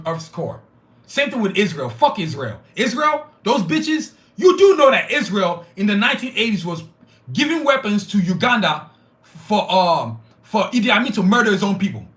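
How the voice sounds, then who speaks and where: A man's voice: sits high, big pitch swings, a little fast, fairly bright tone. A man hosting a podcast, delivering a fiery, profane monologue full of repeated lists. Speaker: podcast host.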